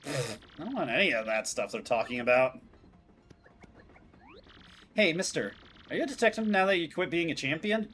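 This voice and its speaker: A man's voice: fairly high pitch, lively intonation, normal speed, long pauses, a bit bright, a little hiss or hum. A man voicing a spoiled, bargaining rich little boy in a video game. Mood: pert.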